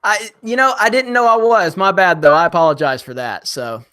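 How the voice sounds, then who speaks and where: Bright-voiced animated male streamer. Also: sits high, clear, resonant tone. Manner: animated, joking, quick asides to chat. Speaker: live stream host reading viewer comments. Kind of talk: casual live stream chat.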